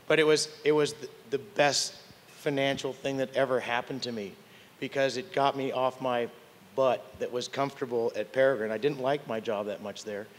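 Older male panelist, candid and wry, trips over his words, mid-pitched voice, long hall reverb. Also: fairly even intonation, moderate pace. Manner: candid, wry, stumbles and restarts. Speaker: tech panelist. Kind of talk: conference panel storytelling.

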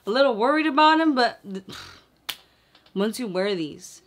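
A young woman talking excitedly at home in a casual makeup vlog, now and then slipping into Spanish. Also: on the high side, unhurried, a little hiss or hum. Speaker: beauty vlogger. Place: her home.

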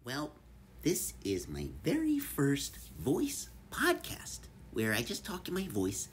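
A cheerful yoga bunny, put on by a man reading his storybook aloud, with pitch that leaps and squeals all over. He reads slowly, with a faint hiss in the background. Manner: sing-song, animated, high squeals. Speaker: storybook narrator. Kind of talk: reading a children's picture book aloud.

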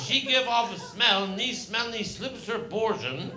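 A man's voice: sits high, normal speed, crowd noise. An older man with a Cornish accent telling a long rambling comic story on stage, repeating his phrases in broad dialect. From Cornwall, England. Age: 70s. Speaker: stand-up comedian. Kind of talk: rambling live stand-up storytelling. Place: live venue with audience laughter. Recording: echoey live room, noisy. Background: audience laughter.

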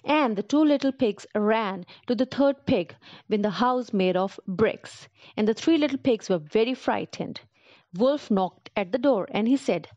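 A woman tells a children's story with animated expression, her voice sitting a bit high and moving up and down a lot. The recording is dry and close. The sound is dull and lo-fi. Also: a little slow, no echo.

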